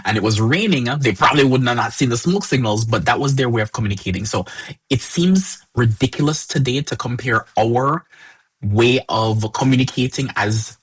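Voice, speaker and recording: A man's voice: mid-range voice, moderate pace, husky. A man co-hosting a casual tech podcast discussion, rambling with frequent restarts and fillers. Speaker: co-host.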